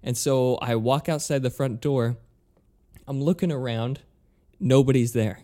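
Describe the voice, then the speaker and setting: A man with a mellow, darker tone tells a frustrating story in a loose, chatty way. He swears freely and acts out the back-and-forth of each exchange. His pitch sits in a middle range. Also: unhurried. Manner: animated, exasperated, swears a lot, acts out both sides of calls. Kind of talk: casual storytelling chat.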